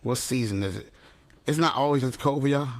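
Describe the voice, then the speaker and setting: A man's voice: medium pitch, brisk, no echo. Laid-back man hosting, dry sound. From DMV area, USA. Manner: laid-back, curious, joking. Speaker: interview host. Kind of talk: casual interview chat.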